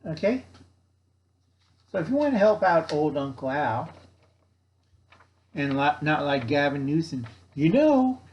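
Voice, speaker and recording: A man's voice: on the high side, expressive, a little slow, pauses often, muffled recording, slight background noise. An older man hosting his own channel, rambling through a sarcastic, scattered rant while eating a meal at home. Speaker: YouTube channel host. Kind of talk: rambling casual monologue.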